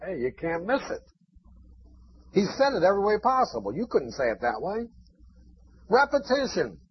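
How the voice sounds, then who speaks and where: A man's voice: sits high, wildly swooping pitch, normal speed, husky. A man preaching a sermon, emphatic and chanting repeated phrases. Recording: dull lo-fi recording.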